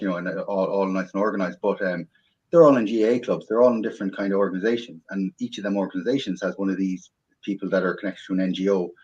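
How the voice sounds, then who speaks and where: A man hosting a talk show, speaking haltingly with many repeated words and "um"s. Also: deep voice, darkish tone. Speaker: host. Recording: dull lo-fi audio.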